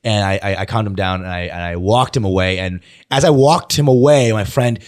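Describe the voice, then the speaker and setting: Speaking a little fast in a lowish voice, a male stand-up comedian spins stories during a relaxed podcast conversation. Expect lively energy, frequent laughter, and lots of swearing.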